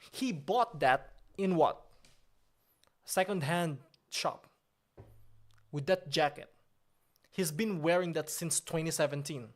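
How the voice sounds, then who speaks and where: A man playing a pompous boastful CEO. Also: a little high. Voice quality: indignant, repetitive, grandiose. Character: pompous boastful male CEO boss, easily offended. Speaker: livestreamer. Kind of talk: comedic in-character livestream.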